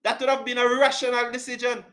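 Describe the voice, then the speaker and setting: A man's voice: extremely high pitch, flat delivery, fast, sharp tone. A man hosting a cricket live stream, answering chat comments with passion, emphasis and lots of repetition. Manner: passionate, emphatic, repeats himself. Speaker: cricket show host.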